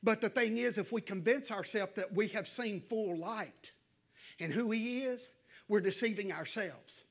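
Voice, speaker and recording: High-voiced preacher man. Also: unhurried. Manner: conversational, folksy preaching that builds into fervent, raised exhortation. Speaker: pastor. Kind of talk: evening sermon to a church congregation. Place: church.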